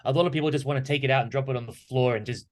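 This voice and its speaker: A man guesting on a podcast, speaking at a middle pitch in a lively, storytelling way. He keeps slipping into quoted questions and voices as he talks. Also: racing. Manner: animated storyteller who acts out quoted questions. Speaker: podcast guest, martial arts instructor. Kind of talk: conversational podcast talk.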